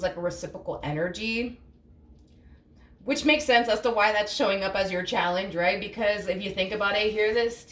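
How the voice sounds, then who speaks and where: A woman giving a casual, blunt tarot reading, swearing freely and acting out imagined reactions. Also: medium pitch. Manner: acts out imagined reactions in quotes. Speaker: tarot reader. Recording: echoey room with faint hum.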